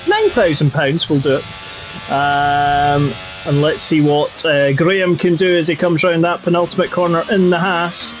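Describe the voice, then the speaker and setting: A man commentates a sim race live, tossing in playful quips. His voice sits high and bright in pitch. A light hiss of noise runs under the recording. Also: steady tone, a little slow. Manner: chatty and jokey, with playful quips.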